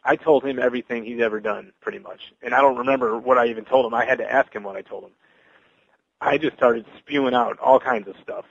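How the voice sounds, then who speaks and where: A man giving an earnest, halting personal testimony as a Christian evangelist, full of restarts. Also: mid-range voice, gravelly, slightly rough, dry recording, muffled recording.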